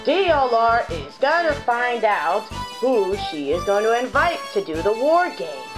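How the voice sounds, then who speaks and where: A female storyteller narrates a made-up adventure in a high, bright voice. She rambles with excitement and swings her pitch wildly. Music plays clearly behind her. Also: unhurried, poor audio. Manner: excitable, rambling, sound effects. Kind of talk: improvised toy story narration.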